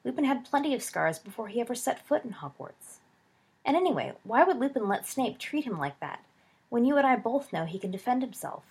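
Brief: upbeat, raised schoolboy voice in a storybook reading, a woman doing it, husky. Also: fairly high pitch, sing-song, brisk, a little mellow, voice pushed up, heavily acted. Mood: eager. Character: cheeky eager teenage schoolboy wizard.

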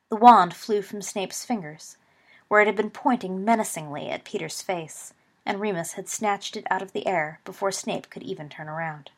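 Woman narrator, storybook reading, expressive. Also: fairly low pitch, normal speed.

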